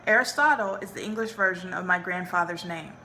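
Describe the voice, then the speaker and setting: A woman's voice: on the low side, a little fast, bright, forceful tone, a little hiss or hum, poor audio. A woman reading a wry, guarded teenage boy. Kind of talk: reading a novel aloud.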